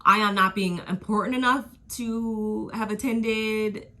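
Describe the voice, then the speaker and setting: A woman's voice: medium pitch, fairly even intonation, takes it slowly, sharp tone. A woman giving a casual, gossipy recap of a reality TV episode, full of slang and asides. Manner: gossipy, slangy, drifts into quoting people.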